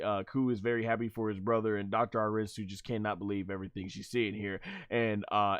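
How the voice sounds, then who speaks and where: A man reviewing an anime episode on a stream, excitable and laughing often as he acts out the characters' shouts. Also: medium pitch, no echo. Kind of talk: excited commentary on a livestream.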